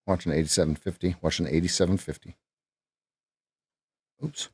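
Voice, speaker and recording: A man's voice: low-pitched, steady tone, normal speed, slightly rough. A man with an Alaskan accent, a trading coach chatting casually and muttering to himself while watching charts on a live stream.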